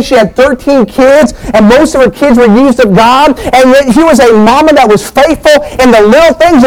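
A man with a notably high voice delivers a lively sermon. His preaching is folksy and animated, climbing higher whenever he presses a point. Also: rough recording.

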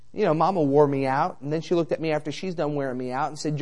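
A man in his thirties, a traveling evangelist, preaching a sermon with animated personal stories and conversational rhetorical asides. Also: medium pitch, fast, few pauses.

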